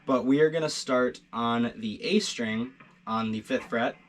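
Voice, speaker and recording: A man teaching beginner guitar licks in a casual video lesson, relaxed and encouraging, with plenty of fillers and restarts. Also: mid-range voice, measured pace.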